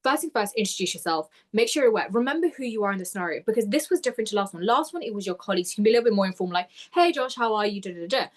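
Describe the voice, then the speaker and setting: Fast-talking young woman coaching interviews. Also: medium pitch, animated. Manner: quick, enthusiastic, coaching tone. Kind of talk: webinar feedback on role-play.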